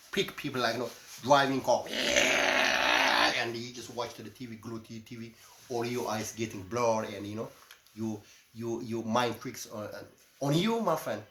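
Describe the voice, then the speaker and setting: A middle-aged man from Eritrea, delivering a passionate, ranting monologue that swings between loud outbursts and low asides, often repeating "my friend". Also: very noisy. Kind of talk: impassioned monologue. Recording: echoey room with faint ambience.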